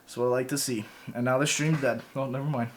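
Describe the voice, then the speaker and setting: A young man streaming games live, chatting casually and excitedly to his viewers and joking as he goes. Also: mid-range voice, fast talker. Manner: excitable, joking, keeps calling viewers boys and lads. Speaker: gaming streamer. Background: game and trailer music.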